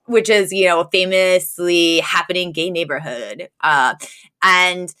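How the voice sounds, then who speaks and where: Woman podcast co-host, bright voice, casual teasing recap chat with frequent laughs. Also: fairly low pitch, a little slow, clear, resonant tone. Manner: laughs often, teasing and blunt.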